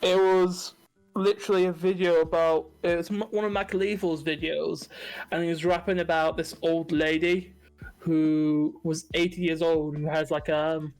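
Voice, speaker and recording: A man's voice: fairly high pitch, level tone, moderate pace, a little mellow, smooth, faint music behind. A young man, co-hosting a casual livestream podcast, chatty, giggly and open about his feelings. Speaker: podcast co-host.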